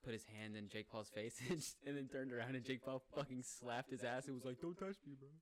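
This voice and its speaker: A man's voice: medium pitch, level tone, brisk. A young man hosting a podcast, rambling in casual, crude banter. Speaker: podcast host.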